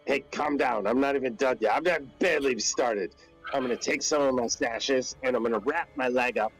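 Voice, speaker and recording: Gravelly joking tabletop player. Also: male voice, mid-range voice, normal speed, a bit bright, faint music behind, rough recording. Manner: laid-back, joking. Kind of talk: tabletop role-play chat.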